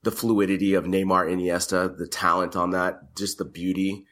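A man co-hosting a casual sports podcast, telling a lively story with frequent restarts and fillers. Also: low-pitched, normal speed. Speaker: podcast co-host. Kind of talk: casual chat. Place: lives in Madrid.

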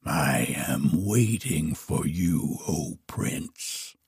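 A man voicing a huge, horrible male dragon in a storybook reading, with a low, hoarse, whispery growl. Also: expressive, extremely slow, darkish tone, dry recording, clean studio sound, heavily acted. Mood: taunting.

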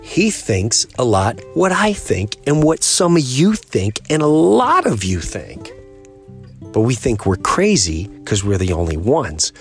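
Guy rambling on his podcast, earnest, mid-pitched, faint guitar in the back. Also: wildly swooping pitch, measured pace. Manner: acts out quoted voices. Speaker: podcast host. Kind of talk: casual monologue.

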